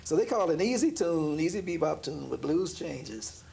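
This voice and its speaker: A man, a jazz pianist being interviewed, telling a story in a relaxed way, laughing often and acting out the voices of the people in it. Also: on the high side, normal speed, vocal fry. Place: room in an apartment.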